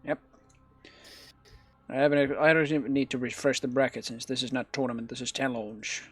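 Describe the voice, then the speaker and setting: A man's voice: mid-range voice, fairly even intonation, normal speed, a bit bright, slightly rough. Conversational man co-casting a stream. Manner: conversational, explains the bracket. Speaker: esports co-caster. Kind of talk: casual live game commentary.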